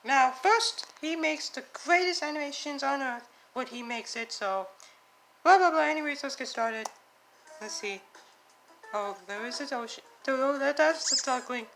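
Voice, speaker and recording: Woman host, high bright voice, slow casual reaction chatter with excitable outbursts, faint music underneath. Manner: excitable, gasping exclamations.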